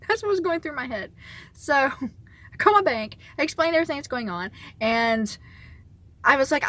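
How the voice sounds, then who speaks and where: A young woman vlogger telling a story in a casual, animated way, often laughing as she talks. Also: on the high side, normal speed.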